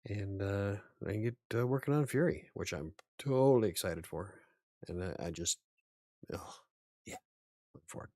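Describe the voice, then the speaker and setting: A man's voice: fairly low pitch, normal speed, warm tone, no room sound, clean studio sound. A man hosting a casual livestream as an author, rambling a little, chuckling and answering chat comments aloud.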